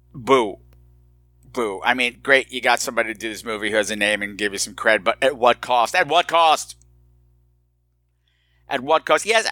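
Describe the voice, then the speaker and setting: A man hosting a podcast, giving a casual movie review in an animated, playfully exaggerated way. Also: medium pitch, no echo. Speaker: podcast host.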